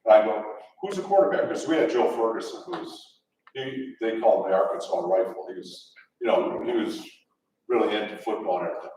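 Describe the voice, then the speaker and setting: An older man from the Detroit area speaks a little fast in a lowish, darkish voice, rambling and chuckling through football stories for a luncheon crowd and often restarting. There's a little hiss or hum, and the distant mic picks up the event hall's echo.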